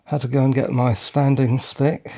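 A man's voice: medium pitch, slow, gravelly, a little mellow. A middle-aged man hosting his own podcast, out of breath and tired, rambling along with self-deprecating asides into a handheld dynamic mic. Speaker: podcast host. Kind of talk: casual solo podcast chat. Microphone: handheld dynamic microphone.

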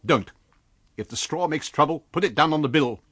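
A man's voice: a little high, animated, moderate pace, sharp tone, husky, no echo, pitched above the performer's own voice, full character voice. A man voicing an irritable, secretive stranger who snaps in clipped outbursts. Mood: exasperated.

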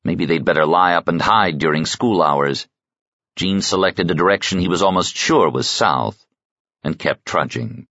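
A man reading a novel aloud as narrator, in an even, measured way. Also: low voice, no echo, lo-fi sound. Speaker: audiobook narrator. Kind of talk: scripted narration.

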